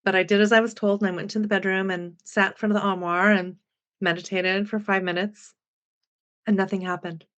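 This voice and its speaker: Woman, 60s, podcast guest; lively storyteller, middle-pitched, plays out the dialogue. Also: brisk, muffled recording. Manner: animated storyteller who acts out remembered dialogue. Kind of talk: personal storytelling in an interview.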